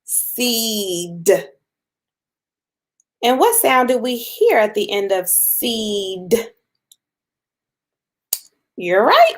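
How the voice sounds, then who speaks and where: A woman teaching a phonics lesson to young children, patient and encouraging, sounding out letters slowly. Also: on the high side, fairly bright tone. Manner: slow, patient, drawn-out sounds with encouraging praise.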